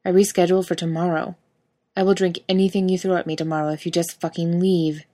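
A woman's voice: on the low side, little pitch movement, fast talker, mellow, lightly acted. A woman reading aloud, voicing a nervous, smitten young office worker who talks in a flustered, self-conscious way. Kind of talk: audiobook fiction reading.

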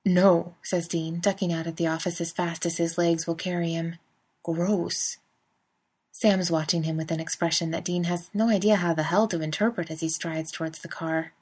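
Woman reading a story in a slightly low voice. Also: fairly even intonation, a little fast, hardly any pauses, a little mellow, slightly rough. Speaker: reader. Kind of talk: fan fiction audiobook reading.

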